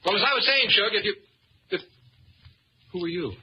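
A man's voice: high-pitched, lively intonation, moderate pace. An actor playing a nervous, bumbling ladies' man in a 1940s radio comedy, stammering and sly. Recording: dull, noisy old radio recording.

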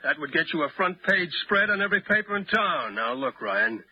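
A man's voice: a little high, very animated, a little fast, slightly rough. An actor playing a brusque, dismissive male police commissioner in an old radio drama. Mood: scornful. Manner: curt, scornful. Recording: dull old radio recording.

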